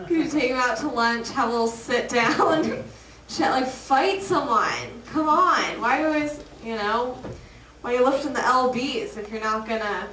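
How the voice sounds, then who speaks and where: A woman's voice: on the high side, moderate pace, a bit bright, slight background noise. Woman comic, echoey and far off. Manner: chatty, exasperated storytelling. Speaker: open mic comedian. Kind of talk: stand-up comedy. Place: comedy club. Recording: echoey club from a distance.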